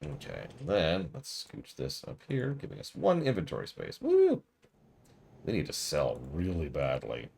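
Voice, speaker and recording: A man's voice: very deep voice, wildly swooping pitch, normal speed, gravelly, few pauses, noisy background. A man casually playing through a game on stream, chatting and muttering to himself as he reads the dialogue aloud.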